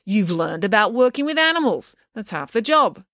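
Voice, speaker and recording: A woman's voice: mid-range voice, very animated, normal speed, fairly bright tone, no echo, clean studio sound, pitched above the performer's own voice. A woman voicing a stern, blunt old woman who was once a circus aerialist. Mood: brusque. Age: older. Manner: brusque, blunt and commanding.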